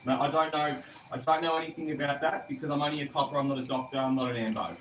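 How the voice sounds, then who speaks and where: A man with an Australian accent, a police officer speaking calmly and reassuringly but firmly from beyond a closed door. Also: fairly high pitch, quick pace. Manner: calm, reassuring, patient, then firm. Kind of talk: calm negotiation. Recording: distant muffled voice with background noise.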